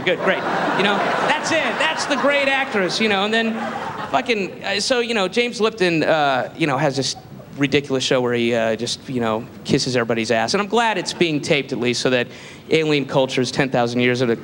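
A man's voice: a little high, animated, a little fast, noisy background. A man telling a profane, rambling, sarcastic stand-up story. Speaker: comedian.

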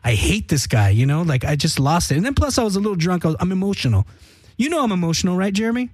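Give me a young man with a fairly high voice in a dry, close recording, spinning a long, rambling story full of swearing and laughter. He keeps breaking into little acted-out quotes of what everyone said. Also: animated, very fast, darkish tone, no echo. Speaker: band member telling a story on a podcast. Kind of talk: casual profane storytelling.

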